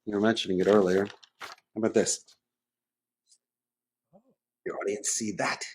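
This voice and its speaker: A man's voice: on the low side, flat delivery, moderate pace, a little hiss or hum. A man as a podcast guest who runs a call center, talking in a conversational interview and acting out phone calls in different voices.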